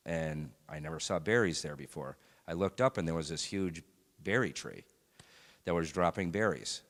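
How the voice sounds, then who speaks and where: A man sharing a personal faith testimony in a church, speaking in a halting, reflective way with many pauses and fillers. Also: sits low, a bit bright. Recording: long hall reverb.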